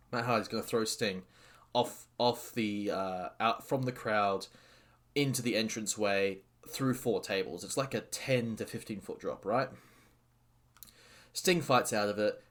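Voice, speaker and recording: A man hosting a casual wrestling recap, excitable and rambling with many fillers and restarts. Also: mid-range voice. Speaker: podcast host reviewing a wrestling show.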